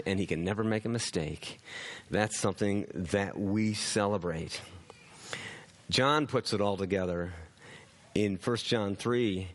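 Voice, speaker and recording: A man preaching a sermon in an earnest way, often repeating words as he builds a point. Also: fairly low pitch.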